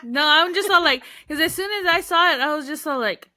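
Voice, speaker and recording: A woman's voice: sits high, a little fast, background noise. A woman co-hosting a podcast, chatting casually about comics and acting out her own reactions as she tells them. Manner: animated storyteller, acts out her own inner voice with "I was just all like". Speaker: podcast co-host.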